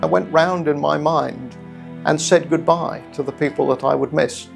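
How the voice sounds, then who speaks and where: A middle-aged man with a British accent, telling his own story in a measured, reflective way with hesitant restarts. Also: fairly high pitch, steady tone, vocal fry, over music. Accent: British English. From England. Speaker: guest storyteller. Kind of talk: personal story told to camera.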